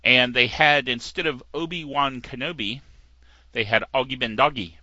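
A middle-aged man with a slightly gravelly voice hosting a casual tech news show, digressing often and chuckling at his own jokes. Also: fairly high pitch, expressive, moderate pace, bright, forceful tone, no room sound. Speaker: tech podcast host. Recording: dull lo-fi dry recording.

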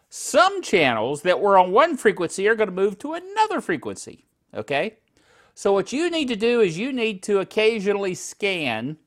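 A man's voice: high-pitched, a bit bright. A middle-aged man hosting a casual tech podcast from his living room, jokey and rambling, tripping over words and laughing at himself.

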